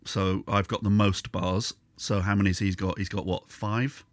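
A man's voice: low-pitched, little pitch movement, measured pace, dry recording. A British man hosting a podcast, chatting casually and trading sarcastic jokes with a friend. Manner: teasing, sarcastic banter with frequent laughs. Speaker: podcast host. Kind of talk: casual chat.

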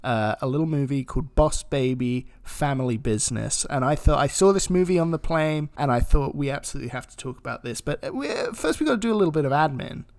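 A man co-hosting a podcast, trading playful deadpan jokes and fake sponsor reads. His voice sits a little high and has a gravelly edge. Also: a little fast, hardly any pauses. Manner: playful, deadpan mock-ad riffs. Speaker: podcast co-host. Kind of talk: casual podcast chat.

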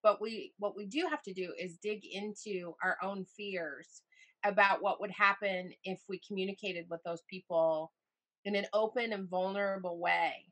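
A middle-aged woman as a podcast guest, talking in a casual, animated way and turning vivid when she retells moments from her life. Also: moderate pace. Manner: animated storyteller, voice jumps high in retold moments. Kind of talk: casual interview chat.

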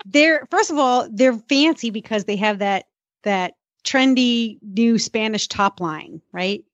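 A woman's voice: fairly high pitch, expressive, slow, no room sound, muffled recording. Cheerful teasing woman radio host. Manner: cheerful, teasing, laughs often. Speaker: show host. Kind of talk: casual radio talk show.

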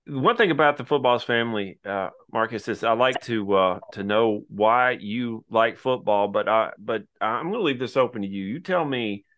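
A man hosting a podcast interview, asking questions in a relaxed, conversational way. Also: fairly low pitch, normal speed, hardly any pauses. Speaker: podcast host.

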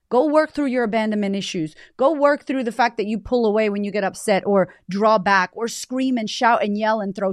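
A woman's voice: a little high, no room sound. Blunt, emphatic woman podcaster, dry sound. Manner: blunt, emphatic, swears casually. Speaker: podcast host. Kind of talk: casual motivational talk.

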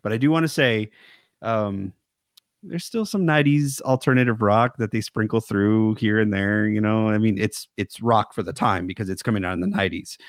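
A man's voice: fairly low pitch, normal speed, no room sound, clean studio sound. A man co-hosting a horror film podcast, talking casually and animatedly, laughing often and breaking into quoted voices. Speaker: podcast co-host. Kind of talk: casual chat.

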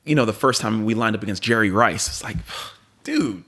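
A man's voice: fairly low pitch, brisk. A man in his forties from Pennsylvania, a guest telling stories in a casual interview and acting out the dialogue he quotes. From Pennsylvania, USA. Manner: animated storyteller who acts out quoted dialogue. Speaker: guest, former pro football player.

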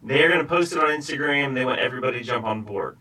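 A man's voice: mid-range voice, lively intonation, quick pace, sharp tone, distant mic, low-quality recording. A man hosting a faith podcast, thoughtfully framing questions with examples. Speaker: podcast host. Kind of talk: conversational interview.

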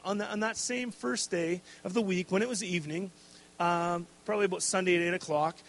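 A man's voice: high voice, fairly bright tone. A man preaching a casual, conversational sermon, checking in with "okay?" and adding jokey asides. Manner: conversational, tags lines with "okay?" and "right?".

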